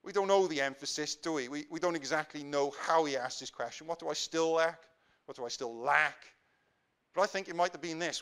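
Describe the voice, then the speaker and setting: Clear-voiced Welsh preacher, fervent sermon. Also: male voice, on the high side, a little fast. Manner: rises to impassioned emphasis, then drops to quiet prayer. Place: church.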